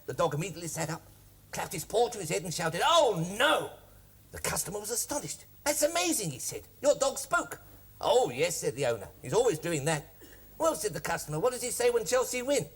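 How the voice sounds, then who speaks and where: A man's voice: high voice, sing-song, fast talker, husky, exaggerated voice. A man voicing a posh, cheeky male fox puppet in a 1970s children's TV comedy, plummy and bouncy, chuckling at his own jokes. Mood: joke-telling. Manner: chuckling, mischievous banter. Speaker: puppet sidekick.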